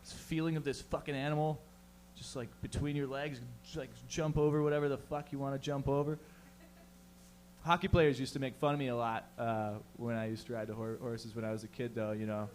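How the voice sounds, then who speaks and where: A man's voice: medium pitch, flat delivery, a little fast, a little hiss or hum. A young man doing a stand-up set, with profane, rambling, conversational talk. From Canada. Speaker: stand-up comedian.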